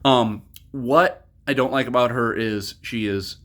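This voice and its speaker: A young man with a medium-pitched, slightly bright voice gives a relaxed, unhurried movie review out loud. He rambles, swears freely and keeps wandering off on tangents.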